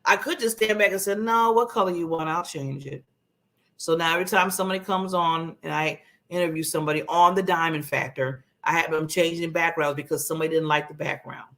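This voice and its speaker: A woman hosting her own talk show, giving a motivational talk in a conversational, animated way and acting out contrasting voices. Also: low-pitched, fast, few pauses. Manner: conversational, laughs at herself.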